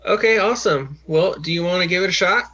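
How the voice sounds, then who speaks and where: Speaking high and fast in a pushed, bright tone, this job coach guides someone through a phone call via video chat. His manner stays patient and supportive, though he uses many fillers and keeps restarting sentences.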